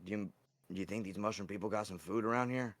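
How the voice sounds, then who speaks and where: A man's voice: on the low side, fast talker, fairly bright tone, dry recording, lightly acted. A man voicing a hungry, brawny male lion warrior who grumbles lazily about food with a hint of menace.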